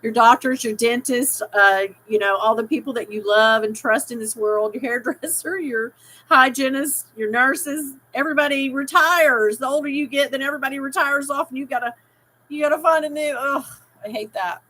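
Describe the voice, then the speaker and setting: A woman's voice: sits high, normal speed, bright, forceful tone, rough recording. A middle-aged woman hosting a casual live stream, rambling and reading out viewers' chat comments with easy laughter. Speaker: livestream host.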